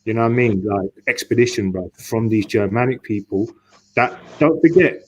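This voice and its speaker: A man's voice: lowish voice, animated, moderate pace, darkish tone, breathy edge, muffled recording. Rambling swearing man. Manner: repetitive, restarts often, swears, emphatic. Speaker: speaker in an online discussion. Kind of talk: rambling casual monologue.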